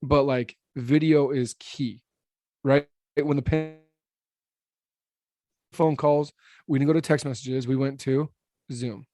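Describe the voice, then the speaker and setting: A man in his thirties who owns a roofing business, a podcast guest talking fast and blunt, slurring his words a little. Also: no echo, soft background music. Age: 30s. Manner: blunt, animated, salesman-like pitching. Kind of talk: casual podcast interview.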